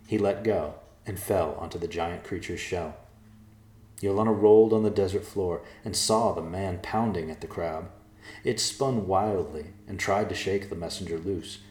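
A man reads a fantasy story aloud in a steady, measured way. His voice sits very low and deep. The sound rings in an echoey room. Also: a little hiss or hum. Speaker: narrator. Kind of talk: storybook narration.

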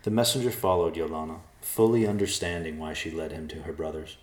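Deep-voiced male storyteller, echoey room. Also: steady tone, fairly quick. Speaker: narrator. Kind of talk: storybook narration.

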